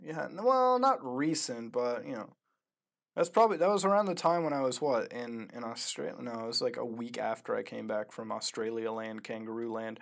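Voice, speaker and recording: A man hosting a casual reaction commentary, profane and excitable, swinging from mumbled asides to loud outbursts. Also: medium pitch, a little fast, gravelly. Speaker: host.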